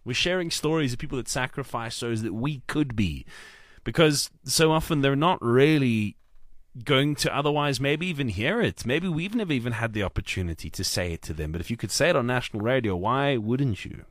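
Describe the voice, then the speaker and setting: A male breakfast radio host with an energetic announcer's delivery. His voice sits at a middle pitch and sounds dry and close, with no room around it. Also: brisk, no room sound. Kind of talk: radio show intro.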